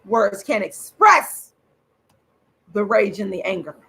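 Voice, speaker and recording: A woman angrily ranting straight to camera as host of her own channel, swearing and repeating herself with drawn-out, emphatic words. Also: medium pitch, sing-song, vocal fry, bright, forceful tone, slightly rough, low-quality recording. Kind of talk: angry direct-to-camera rant.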